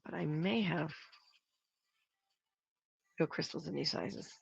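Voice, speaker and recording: A prop maker chats casually on a livestream while working, thinking aloud and counting up costs. The voice sits at a middling pitch. The sound is dry and close, with dull, lo-fi livestream audio. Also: takes it slowly, gravelly, breathy edge, no room sound.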